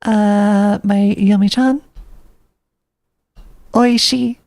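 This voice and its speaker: A woman's voice: mid-range voice, steady tone, drawn-out words, a little mellow. A woman streamer chatting casually, rambling and thinking aloud to herself.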